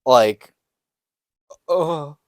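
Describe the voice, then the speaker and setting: A young man chatting on a podcast, telling stories with lots of laughter and acted-out quotes. His voice sits a bit high for a man. The sound is close and dry, with no room around it. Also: drawn-out words, dry recording. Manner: animated, laughing storyteller who acts out quotes. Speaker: podcast co-host. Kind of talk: casual chat.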